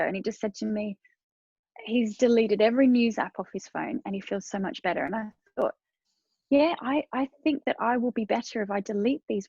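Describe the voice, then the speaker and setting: Gravelly-voiced woman giving earnest advice. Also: mid-range voice, a little mellow, dry recording, highs cut off. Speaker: podcast guest. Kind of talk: casual interview.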